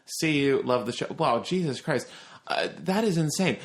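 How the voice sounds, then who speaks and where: A man hosting a podcast, reading listener stories aloud with animated, swear-heavy casual chat and jokey asides. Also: on the high side, normal speed.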